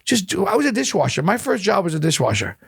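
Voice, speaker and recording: A middle-aged man telling animated stories in an interview, profane and repeating words when he gets going. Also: high voice, quick pace, vocal fry, slightly rough. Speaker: chef and guest. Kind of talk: storytelling interview chat.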